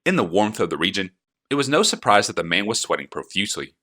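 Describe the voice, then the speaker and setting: A man narrating an audiobook in a low voice with a bright, sharp edge. His delivery is expressive and moves freely up and down in pitch. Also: fast talker. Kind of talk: audiobook reading.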